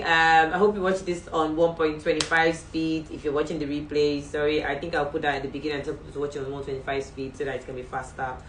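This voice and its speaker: A woman's voice: deep voice, fairly even intonation, fairly quick, a bit bright, recorded from a distance. A Nigerian woman hosting a faith show, giving earnest, chatty exhortations as she signs off a livestream. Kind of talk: livestream sign-off talk. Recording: roomy, off-mic, faint background hum.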